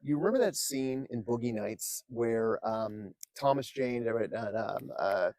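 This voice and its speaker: A man telling long, animated stories in casual chat, swearing freely and acting out what people said. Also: mid-range voice, unhurried, no room sound. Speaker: podcast guest. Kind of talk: casual storytelling.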